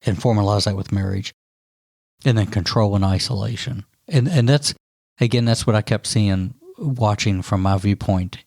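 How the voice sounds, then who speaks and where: Low-voiced man co-hosting a podcast. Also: normal speed, vocal fry, darkish tone, dry recording, clean studio sound. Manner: thoughtful, with frequent restarts. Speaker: podcast co-host. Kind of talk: conversational true crime discussion.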